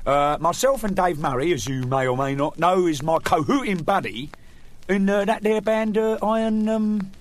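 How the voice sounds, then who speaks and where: A man's voice: high voice, normal speed. A middle-aged man hosting his own radio spot, rambling playfully and chuckling at his own jokes. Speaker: radio show host. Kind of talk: joking casual monologue.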